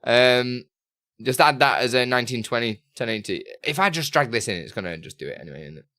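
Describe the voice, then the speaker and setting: A man hosting a casual live stream, chatting freely with his audience. His pitch swings up and down animatedly as he reads messages aloud. In between, he mutters to himself about his settings. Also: expressive, a little fast, no room sound, studio quality. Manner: chatty, reads chat aloud and mutters while fiddling with software. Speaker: live streamer answering chat questions.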